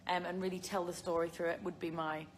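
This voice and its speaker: Talking fast in a level, lowish voice, a young Englishwoman, an actress, reads out fan questions and chats on a casual phone livestream. She often laughs and uses filler words, and there's slight background noise.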